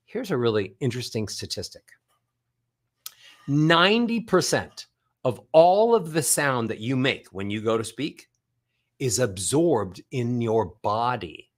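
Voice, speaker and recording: Lively, expressive man giving a talk. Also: fairly high pitch. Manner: animated, demonstrates vocal sounds as he explains. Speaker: vocal coach giving a book tour talk. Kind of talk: live motivational talk.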